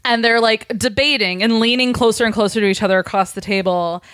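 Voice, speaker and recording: A woman hosting a podcast, retelling a story in a rambling, casual chat full of fillers. Her pitch sits in a middle range. The sound is dry and close, with no room echo. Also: moderate pace, fairly bright tone. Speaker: podcast host.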